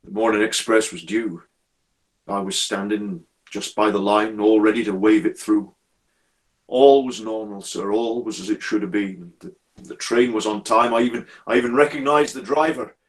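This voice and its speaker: A man voicing a troubled railway signalman who speaks haltingly and deferentially, calling his listener "sir" again and again. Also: lowish voice, lightly acted. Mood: grieving, hushed. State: distressed and troubled. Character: haunted, anxious middle-aged male railway signalman. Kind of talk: performed storytelling.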